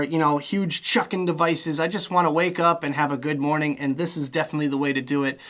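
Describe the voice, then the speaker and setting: Relaxed rambling vlogger man, slightly high. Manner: relaxed, rambling, filler-heavy. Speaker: vlogger reviewing vape gear. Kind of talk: casual vlog chat.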